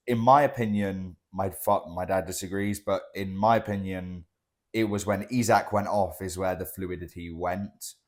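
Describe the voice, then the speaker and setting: A young man co-hosts a casual football chat. His voice sits low, and he rambles through his points, cutting himself off and teasing his friend in a dry way. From England. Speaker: podcast co-host.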